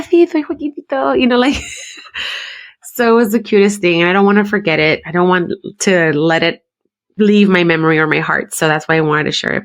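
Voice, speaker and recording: Woman in her thirties, podcast co-host, heartfelt storyteller, drops into Spanish. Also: low-pitched. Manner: heartfelt, switches between English and Spanish. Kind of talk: casual chat.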